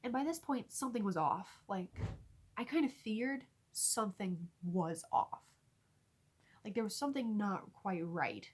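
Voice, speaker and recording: A young woman with a husky, slightly breathy voice tells a story to her viewers. She talks in a lively, animated way and keeps breaking into laughter. Her voice sits at an ordinary pitch for a woman. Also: measured pace. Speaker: vlogger. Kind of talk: storytime vlog.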